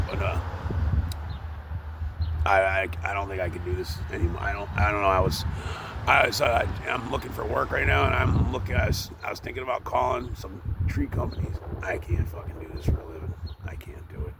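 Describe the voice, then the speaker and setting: Perched in a tree he's working on, a man talks casually to the camera in a lowish, creaky voice, rambling profanely with plenty of fillers. It's a vlog monologue set outdoors against a noisy background.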